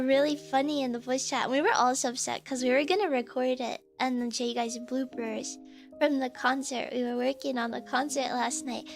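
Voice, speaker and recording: A woman with a high, light voice chats casually on a live stream. She rambles to her viewers, with plenty of fillers and restarts. Soft music plays faintly behind her. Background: faint background music.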